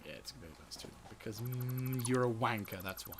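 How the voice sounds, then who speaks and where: A man's voice: mid-range voice, normal speed, fairly bright tone, faint music behind. A man giving casual gameplay commentary, giggly and exasperated, swearing often. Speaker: gaming video host.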